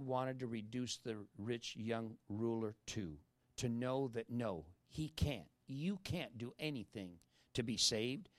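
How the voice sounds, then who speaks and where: A man preaching a sermon, using rhetorical questions and repetition, swinging from emphatic bursts to hushed whispers. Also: mid-range voice, slow pace, no room sound.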